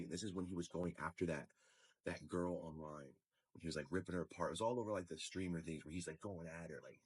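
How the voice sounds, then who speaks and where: Husky deep-voiced man venting a story. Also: quick pace, low-quality recording. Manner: exasperated, acts out quoted lines. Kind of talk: storytelling rant.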